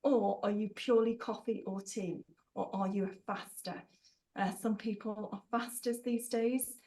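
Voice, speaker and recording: A woman's voice: medium pitch, steady tone, unhurried, warm tone, a little hiss or hum, low-quality recording. A woman hosting a live online workshop, bubbly and playful, reading out chat replies with teasing asides and frequent laughter.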